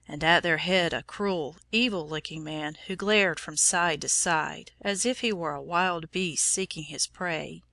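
A woman narrating a storybook in a measured, solemn way. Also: lowish voice, bright, forceful tone, no room sound.

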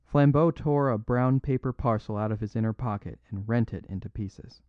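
A man narrating a classic story in an expressive reading. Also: medium pitch, normal speed, no room sound, dull audio. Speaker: audiobook narrator.

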